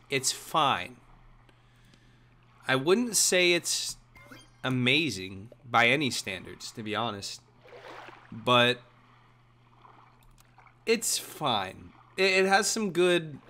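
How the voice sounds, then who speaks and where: A young man streaming, chatting casually and joking while he plays, his voice hoarse. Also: mid-range voice. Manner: lively, chatty, jokey. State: hoarse, coughing. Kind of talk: casual chat while gaming.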